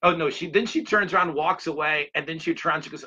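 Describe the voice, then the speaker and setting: A man in his sixties gives a motivational talk, rambling through anecdotes and addressing his listeners directly. He talks fast in a fairly high, sharp voice, and the recording is dull and lo-fi.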